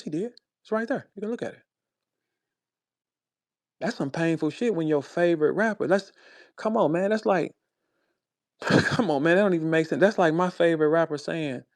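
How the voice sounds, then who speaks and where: This man, a battle rapper with a St. Louis accent, goes after a rival in an angry, cursing monologue broadcast on a live audio space. His voice lurches between quiet mumbling and sharp, loud highs, with frequent "bro" and "man." There's no echo in the recording.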